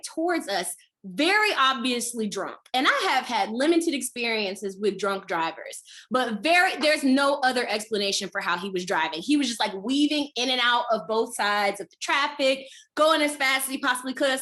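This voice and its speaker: A woman comedian telling a funny personal story over a video call, with an animated, dramatic comic delivery. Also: on the high side. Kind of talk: storytelling performance.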